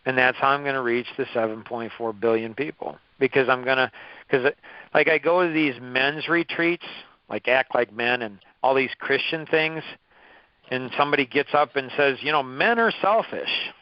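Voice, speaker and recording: A man's voice: mid-range voice, fairly even intonation, normal speed, no echo. Emphatic man in his fifties, lo-fi. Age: 50s. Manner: emphatic and repetitive, restarting phrases. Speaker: course leader. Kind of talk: motivational talk with personal stories.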